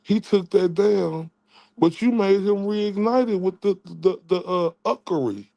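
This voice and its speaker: A man's voice: high-pitched, unhurried, creaky, mellow, no echo, muffled recording. Taunting man ranting into a dry mic. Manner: taunting, mocking, stammering repeats. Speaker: channel host. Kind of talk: trash-talking livestream rant.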